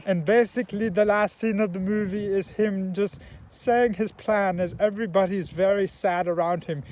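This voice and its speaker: A man's voice: high-pitched, fairly even intonation, normal speed, darkish tone, rough recording. A young man in casual chat, recapping a film in a rambling way, with lots of fillers and laughter.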